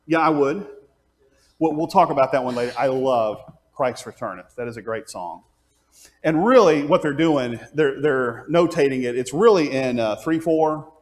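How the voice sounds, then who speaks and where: A man teaching a class on leading congregational singing, explaining step by step and singing out pitches and counting beats aloud. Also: expressive, moderate pace. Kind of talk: hands-on music class teaching.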